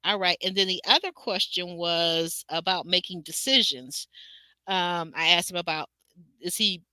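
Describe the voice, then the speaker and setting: A woman from Detroit hosts a casual livestream recap. Her voice is very bright and the sound is dry and close. She talks in an animated, chatty way and reads viewer comments aloud. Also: lowish voice, measured pace, no echo. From Detroit, Michigan. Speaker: show host.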